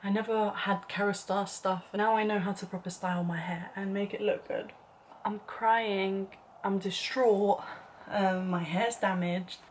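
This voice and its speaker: A woman's voice: medium pitch, fairly even intonation, measured pace, slight background noise. A young woman telling a dramatic story in a casual vlog, chatty and full of "like", sometimes dropping to a whispered aside. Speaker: vlogger.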